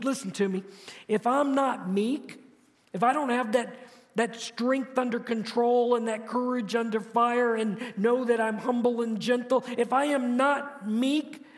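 High-pitched man preaching, gets loud then goes soft and low, big echoey church sound. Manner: emphatic preaching, swelling louder on key phrases; drops to soft low tones to close a point. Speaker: pastor. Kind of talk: sermon. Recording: long hall reverb.

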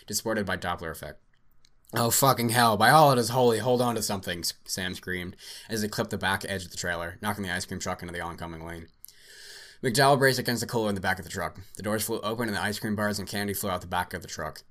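Low-voiced podcast guy reading a story out loud, swears a lot, laughs easy. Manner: casual, profane, laughs easily. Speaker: podcast host. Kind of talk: reading a story aloud, then casual chat.

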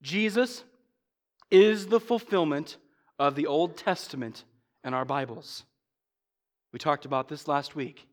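Man, pastor, sermon, high-pitched, emphatic, dynamic swings in loudness, slow deliberate refrains. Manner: emphatic, swings from loud stresses to low asides; slows down sharply on repeated refrains.

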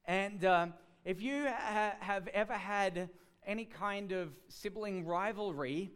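A man's voice: high voice, takes it slowly, a bit bright, smooth. A man preaching a sermon in a chatty storytelling way, with many fillers and restarts.

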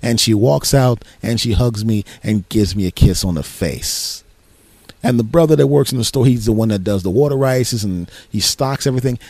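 A man hosting a podcast, telling a story in an animated, exasperated rant. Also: medium pitch, normal speed, no room sound. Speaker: podcast host. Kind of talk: casual comic storytelling.

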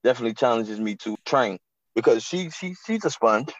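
Earnest, halting man on a dull line. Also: mid-range voice, animated, no echo. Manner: earnest, halting, repeats words. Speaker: restaurant manager guest. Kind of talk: casual interview chat.

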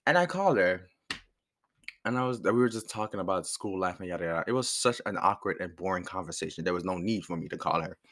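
A young man casually telling a personal story, animated and rambling, swearing freely and laughing as he goes. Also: deep voice, fast. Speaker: storyteller vlogger.

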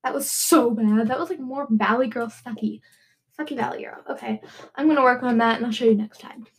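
A woman's voice: on the high side, a little fast, poor audio. A young woman hosting a casual solo podcast, bubbly and giggly, full of rambling asides. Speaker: podcast host.

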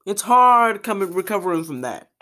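A young woman hosting a podcast, ranting casually in an exasperated, animated way, full of restarts and fillers. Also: mid-range voice, normal speed. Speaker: podcast host.

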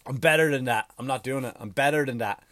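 Man, rambling comic monologue, profane deadpan storytelling, dry close sound. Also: medium pitch, fast, dry recording. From Ireland. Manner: rambling, profane, deadpan mock-history with silly put-on voices.

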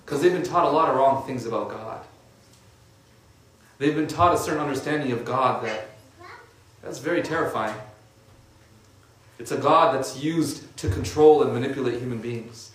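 A man's voice: medium pitch, moderate pace, pauses often. A man giving an informal religious talk in a conversational way, with lots of casual fillers. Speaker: religious speaker. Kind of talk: informal sermon. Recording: echoey room from a distant mic.

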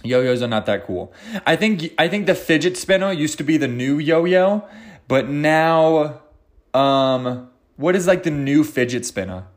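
A man's voice: a little high, lively intonation, unhurried. A man hosting his own podcast, rambling off the cuff with jokes, swearing and self-mocking asides. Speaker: podcast host. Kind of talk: unscripted solo podcast ramble.

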